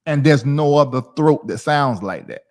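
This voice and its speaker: A man in his forties from the South, chatting casually on his livestream in a rambling, animated way. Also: on the high side, moderate pace. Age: 40s. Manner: rambling, animated, talks to chat viewers by name. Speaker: livestream host.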